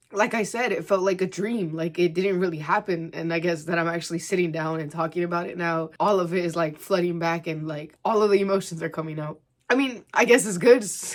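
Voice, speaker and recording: A young woman vlogging from home, talking casually and emotionally to the camera, teary at times, with many "like" fillers. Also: fairly low pitch. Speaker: crochet vlogger.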